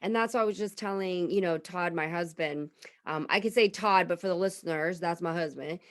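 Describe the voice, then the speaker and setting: A woman in her thirties co-hosting a casual podcast, telling stories in an animated way and acting out what people said. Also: on the low side, brisk. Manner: animated storyteller, acts out quotes. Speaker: podcast co-host. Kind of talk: casual chat.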